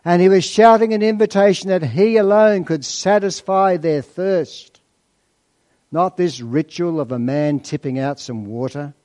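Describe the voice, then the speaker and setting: A man preaching a sermon, asking rhetorical questions and slowing down to stress key points. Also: sits high, mellow.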